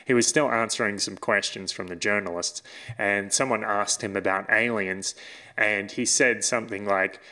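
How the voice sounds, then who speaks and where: A man's voice: fairly low pitch, fairly even intonation, normal speed, pushed and bright. A man co-hosting a casual chat podcast, rambling and hesitant with frequent laughs. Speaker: podcast co-host.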